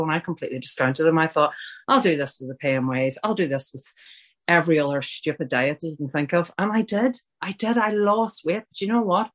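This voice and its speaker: At a support meeting, a middle-aged Irish woman with a low voice shares the story of her recovery. She's open about it, mocks herself, and wanders into chatty asides.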